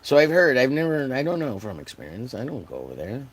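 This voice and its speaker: A man's voice: medium pitch, huge pitch swings, quick pace, slightly rough. A man casually chatting to his live-stream viewers while painting, muttering to himself and cracking silly jokes. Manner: jokey, mumbling to himself, bursts of silly sing-song. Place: home studio with a video playing in the background.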